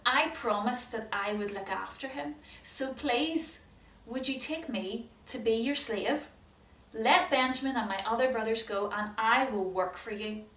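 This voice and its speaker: A woman's voice: a little high, unhurried. A woman voicing Judah, a humbly pleading older brother. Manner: earnest, gentle pleading. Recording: roomy hall, distant mic.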